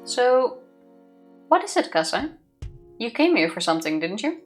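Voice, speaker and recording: A woman's voice: fairly high pitch, sing-song, moderate pace, soft background music, pitched above the performer's own voice. A woman voicing a cheeky, confident fifteen-year-old girl while reading a visual novel aloud, playful and bossy.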